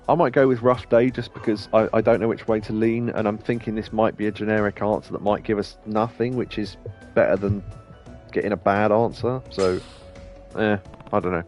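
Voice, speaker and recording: A man's voice: fairly low pitch, a little fast, dull audio, faint music behind. A man hosting a let's play, thinking aloud about choices and swearing freely. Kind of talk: casual gameplay commentary.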